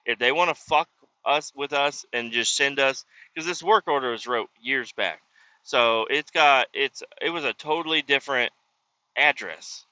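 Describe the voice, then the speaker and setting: Profane rambling man, very bright voice. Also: medium pitch, moderate pace, dry recording, dull audio. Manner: profane, rambling, frequent restarts. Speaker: roadside service worker vlogging. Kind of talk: casual rambling vlog.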